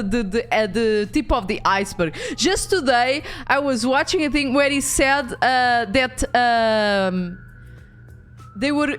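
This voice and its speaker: A young woman with a Portuguese accent, chatting casually on a game stream, animated, swearing freely and often restarting her sentences. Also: on the high side.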